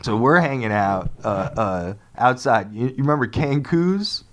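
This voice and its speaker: A man's voice: mid-range voice, measured pace. A man co-hosting a podcast, telling a story in casual comedic style, laughing often and acting out what people said. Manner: laughs often, animated, acts out quotes. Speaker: podcast co-host.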